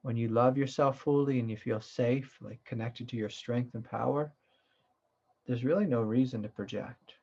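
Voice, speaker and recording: Gravelly guy teaching meditation, gentle rambly satsang vibe, kinda muffled lo-fi sound. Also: mid-range voice, steady tone, normal speed. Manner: gentle, reflective, with many fillers and asides. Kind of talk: satsang talk.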